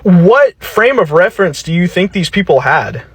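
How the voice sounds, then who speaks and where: Man, fairly high voice, heated and sarcastic, dry sound. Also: big pitch swings, moderate pace, husky, no room sound. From western North Carolina. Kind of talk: angry reaction video.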